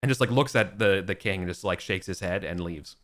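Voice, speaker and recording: A man's voice: low voice, fairly quick, a bit bright. A young man running a tabletop game as game master, narrating loosely with plenty of fillers. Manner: loose and rambling, heavy on fillers.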